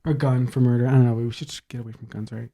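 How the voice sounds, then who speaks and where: A man's voice: mid-range voice, fairly even intonation, very fast, warm tone. A man co-hosting a podcast, ranting and sarcastic in casual comedic chat. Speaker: podcast co-host.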